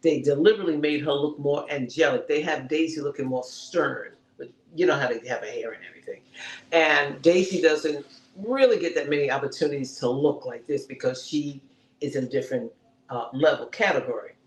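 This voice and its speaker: Man, fairly high voice, casual TV review chat, animated storytelling, echoey room. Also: fairly quick, a little hiss or hum. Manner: animated, retells scenes and acts out the characters' lines. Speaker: podcast co-host reviewing a TV episode. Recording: roomy echo.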